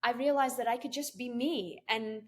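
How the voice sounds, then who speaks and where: A woman's voice: a little high, fairly even intonation, normal speed. A middle-aged woman, a guest on an interview show, telling her story in a casual, giggly way with many fillers and laughs. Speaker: guest, business coach and CEO.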